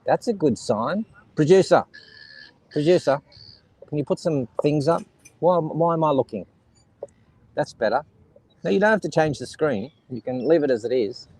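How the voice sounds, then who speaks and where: At the seaside, surrounded by kids and seagulls, a middle-aged Australian man banters and rambles with his live stream chat. He sounds a little high and animated at a moderate pace, with a darkish, slightly rough tone. It's a rough recording.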